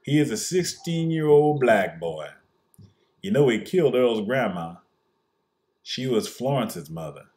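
A man voicing a menacing white Southern lynch-mob man with a put-on Southern accent and a slow, menacing drawl. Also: mid-range voice, very animated, a little mellow.

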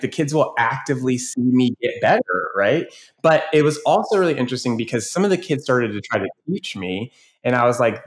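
A man who works as an educator, talking casually as a podcast guest and telling animated stories from his teaching. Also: medium pitch. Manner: animated storyteller, acts out voices in anecdotes. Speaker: educator and youth advocate guest.

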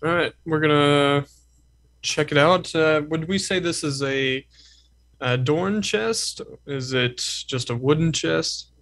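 Bright, brash male game player. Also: on the high side. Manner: brash, impatient, quick questions. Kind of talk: casual tabletop game chat.

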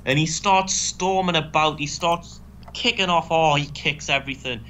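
A man co-hosting a casual gaming commentary, animated, sarcastic and sweary. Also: fairly high pitch, normal speed, slight background noise. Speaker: co-host.

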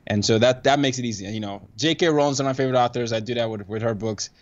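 A man's voice: mid-range voice, rapid-fire, highs cut off. A man talking as a podcast guest in casual conversation, eager, restarting sentences often. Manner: enthusiastic, frequent restarts and laughs. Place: New York.

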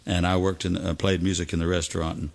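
A man's voice: low-pitched, little pitch movement, quick pace, vocal fry. A man, a singer and guitarist hosting a live music stream, telling a story between songs in a folksy, chuckling way. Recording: with loud guitar music behind.

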